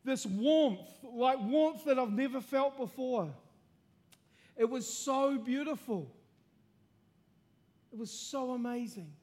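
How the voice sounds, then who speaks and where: High-voiced New preacher giving testimony. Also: male voice, expressive, takes it slowly, pauses often. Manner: earnest storytelling, swelling to impassioned shouting. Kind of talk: testimony sermon.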